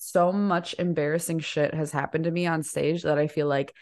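Guest: young woman with a lowish voice, chatty, laughs and curses through her stories. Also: steady tone, normal speed, darkish tone. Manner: laughing, swearing storyteller. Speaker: guest musician. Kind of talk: casual chat.

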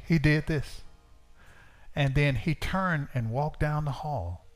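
A man's voice: fairly high pitch, slow pace, faint music behind. A man preaching a sermon, telling a personal story in plain informal speech and acting out conversations with a lifted voice. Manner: storytelling, acts out dialogue in raised voice. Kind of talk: sermon testimony.

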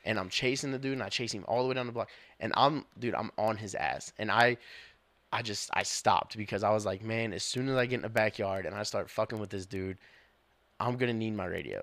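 A young man, a police officer and podcast co-host, telling stories in casual chat, animated and swearing, often laughing. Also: fairly low pitch, a little fast, no room sound.

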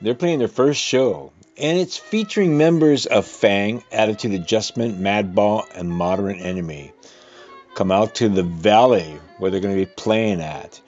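A man's voice: on the low side, normal speed, darkish tone, highs cut off, soft background music. A man with a cold giving casual, rambling radio announcements about upcoming shows, stopping now and then to correct himself. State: has a cold. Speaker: radio host reading community event announcements.

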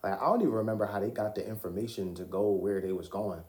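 A young man rambles through his solo podcast in a low voice, casual and profane. He laughs easily as he talks. The room around him rings with echo. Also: steady tone, fast talker, darkish tone. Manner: loose, profane, laughs often. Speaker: podcast host. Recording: roomy echo.

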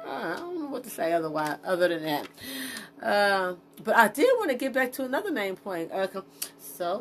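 A woman's voice: on the low side, vocal fry, slight background noise. A woman podcasting alone, talking off the cuff in a rambling, frank and profane way, with many fillers and restarts, stopping to check her notes. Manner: talks to herself while checking her notes. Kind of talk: unscripted solo podcast monologue.

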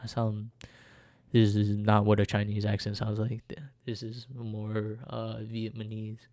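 A man's voice: on the low side, completely flat delivery, unhurried, a little mellow, no echo, studio quality. A young man hosting a casual solo podcast, rambling, laughing often and correcting himself as he goes. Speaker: podcast host.

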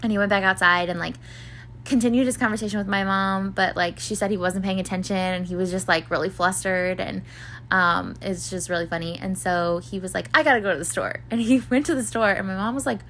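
A woman's voice: mid-range voice, steady tone, fairly quick, a bit bright, a little hiss or hum. A young woman hosting a podcast, telling a personal story in a rambling, casual way, full of fillers and swearing. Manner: rambling, filler-heavy, swears freely, acts out voices of others. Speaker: podcast host.

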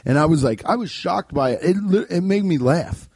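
Casting: husky young male comedian, lively pitch, rambling and profane. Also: moderate pace, dry recording. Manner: profane, animated, loose and rambling. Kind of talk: casual comic storytelling.

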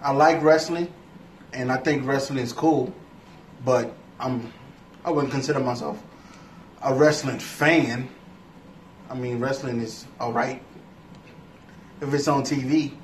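A man co-hosting a casual podcast, telling a story slowly and laughing as he goes. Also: medium pitch, steady tone, a little hiss or hum. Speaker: podcast co-host.

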